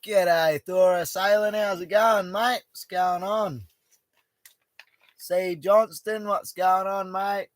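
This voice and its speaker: A man's voice: high-pitched, fairly even intonation, slow, no room sound. An Australian man hosting a casual live stream from an outback bush camp, greeting viewers by name in a laid-back, matey way. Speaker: livestream host.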